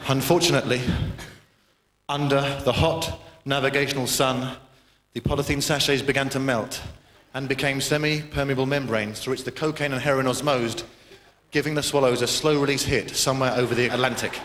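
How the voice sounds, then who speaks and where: A man doing a rambling, self-mocking stand-up routine full of restarts and sudden shouted outbursts. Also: mid-range voice, fairly even intonation, fairly quick. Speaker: stand-up comedian. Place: large live venue. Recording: live hall with crowd noise and echo.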